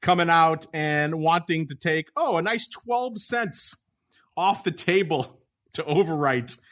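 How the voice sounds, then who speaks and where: A man's voice: a little high, unhurried, fairly bright tone. A man hosting a casual podcast chat, joking along, chuckling often and teasing his co-hosts. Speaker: podcast host.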